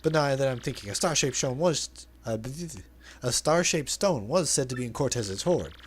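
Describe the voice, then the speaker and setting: A man's voice: mid-range voice, lively intonation, moderate pace, a little hiss or hum, lightly acted. A man voicing a flamboyant, pompous male trader and sailor in a video game dub, with grandiose, overly formal phrasing. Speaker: let's play dubber.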